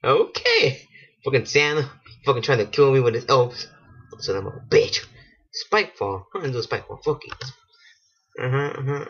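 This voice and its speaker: Excitable swearing gamer guy. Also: medium pitch, moderate pace, long pauses, slightly rough. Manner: excitable, swearing, laughing at himself. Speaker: gaming channel host. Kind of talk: casual let's-play commentary. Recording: dull lo-fi home mic.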